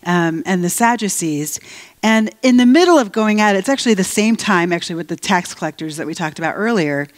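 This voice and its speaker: A woman giving a conversational Bible teaching at a live event, emphatic and animated, slowing down to stress her points. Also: medium pitch. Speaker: guest speaker at a faith event. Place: live event venue before an audience.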